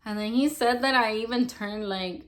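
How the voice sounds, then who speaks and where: A woman's voice: fairly high pitch, moderate pace. A young woman telling a personal testimony in casual, rambling storytelling, filling her talk with "like". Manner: rambling, heavy use of "like" fillers. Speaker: testimony speaker.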